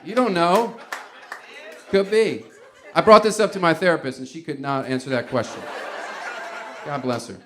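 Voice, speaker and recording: A man's voice: a little high, moderate pace, pauses often, noisy background. A man doing stand-up, musing in a rambling, incredulous way and swearing. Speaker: stand-up comedian. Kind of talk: stand-up set.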